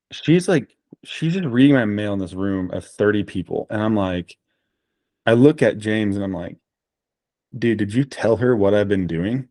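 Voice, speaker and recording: A man in a casual podcast conversation, a guest telling animated stories with frequent fillers. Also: fairly low pitch, no room sound, clean studio sound.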